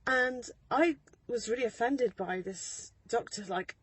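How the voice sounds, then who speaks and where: Woman in her thirties, husky breathy voice, rambling casual vlog chat, phone mic, parked car. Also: on the high side, unhurried, rough recording. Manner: rambling and chatty, many ums, laughs often. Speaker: mother vlogger.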